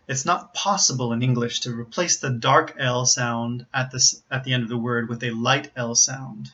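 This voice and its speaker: American man, pronunciation teacher, bright clear voice, careful repeated examples, slightly dull recording. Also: medium pitch. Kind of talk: explaining pronunciation to learners.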